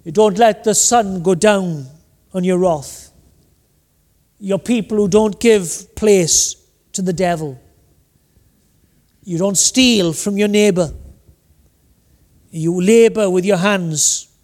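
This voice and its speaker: A man's voice: high-pitched, slow pace, pauses often, a little mellow. A man preaching a sermon, emphatic and rhetorical. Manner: emphatic, rhetorical, acts out little voices. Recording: hall reverb.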